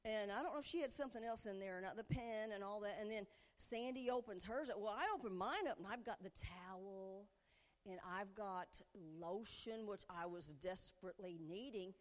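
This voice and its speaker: A middle-aged woman preaching to a women's gathering, telling funny stories in a chatty, animated way. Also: moderate pace. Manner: animated, chatty, breaks into giddy high-pitched bursts. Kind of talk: humorous storytelling sermon. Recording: long hall reverb.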